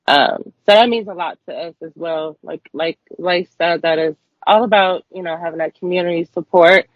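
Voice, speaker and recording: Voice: mid-range voice, normal speed, dry recording, narrow, tinny audio. A guest in a remote interview, talking in a heartfelt, rambling way with casual slang. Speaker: guest, mutual aid organizer.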